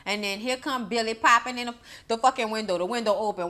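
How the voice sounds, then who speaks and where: A young woman with a bright, ringing voice, sitting slightly high in her range, recapping a horror movie in casual chat. She is sassy and profane and keeps scolding the characters as if they could hear her. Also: expressive, brisk. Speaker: movie reviewer.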